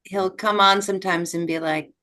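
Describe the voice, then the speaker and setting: A woman's voice: mid-range voice, fairly even intonation, moderate pace, sharp tone. Woman chatting at a whiskey tasting. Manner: descriptive, reads out recipe notes. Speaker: tasting club member. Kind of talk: casual tasting chat.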